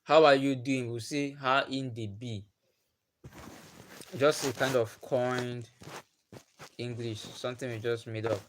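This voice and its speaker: A man's voice: medium pitch, flat delivery, a little slow, a little hiss or hum. Chatty Nigerian man on a livestream. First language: Igbo. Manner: chatty, repeats himself, laughs often. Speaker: livestream host. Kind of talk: casual livestream chat with viewers.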